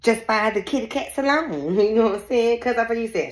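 A psychic reader runs a casual spiritual reading, speaking straight to her audience, laughing often and swearing freely. Her intonation is lively with wide pitch swings, fairly quick with hardly any pauses, and her voice rings in an echoey room.

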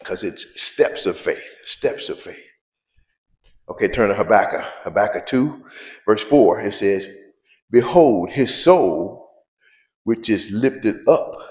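A man with a low voice preaches to his congregation, repeating key lines and throwing out questions for them to answer. His grammar is loose and conversational. The sound carries the echo of a large church room. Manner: preaching with call-and-response questions and repetition; informal spoken grammar, drops verbs. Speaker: pastor. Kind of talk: sermon.

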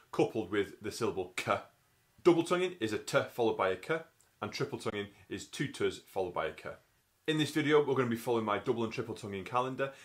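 A man with a fairly low voice takes listeners through a brass lesson step by step. He explains each point methodically and sounds out the syllables as he goes. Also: fairly bright tone. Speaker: brass teacher. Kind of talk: instructional tutorial.

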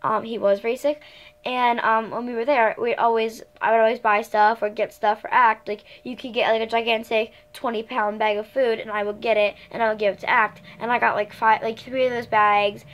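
A teenage girl telling stories to her viewers in a loose, rambling way. She fills gaps with fillers and keeps correcting herself. Her voice sits a little high for her age. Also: little pitch movement, a little fast, muffled recording. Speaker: vlogger. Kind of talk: casual storytime chat.

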